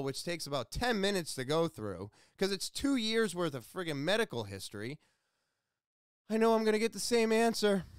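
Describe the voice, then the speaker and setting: A fairly high-voiced man hosts his podcast solo, recounting a story in an excitable, nearly yelling way. His voice comes through smooth and resonant in a dry, close sound. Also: no echo. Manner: excitable, loud, almost yelling; rambling with restarts and asides. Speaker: podcast host. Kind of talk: casual storytelling monologue.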